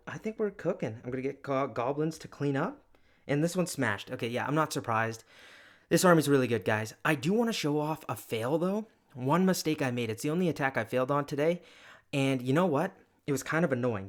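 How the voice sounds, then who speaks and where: A man giving chatty, excitable commentary over his own strategy game replay, poking fun at his own mistakes. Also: medium pitch. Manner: excitable, chatty, self-mocking. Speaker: gaming YouTuber.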